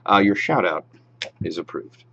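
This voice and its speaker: A man's voice: sits low, lively intonation, moderate pace, vocal fry, slightly rough, highs cut off. Chatty man hosting a live stream. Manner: reads viewer names and approves shout-outs, chatty with fillers. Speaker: live show host. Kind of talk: casual live stream chat.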